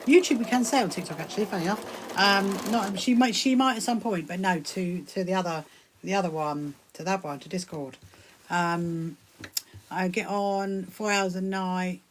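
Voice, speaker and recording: A woman hosting a casual sewing live stream, chatting and rambling with bursts of excitement as she answers viewers. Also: fairly low pitch, moderate pace, a little hiss or hum. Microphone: phone streaming live.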